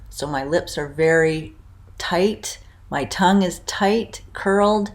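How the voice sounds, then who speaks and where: A woman with a Canadian accent teaching pronunciation, demonstrating each vowel sound clearly and repeating it several times. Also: on the low side, expressive. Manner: demonstrates sounds by drawn-out repetition. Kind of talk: slow, clear pronunciation lesson.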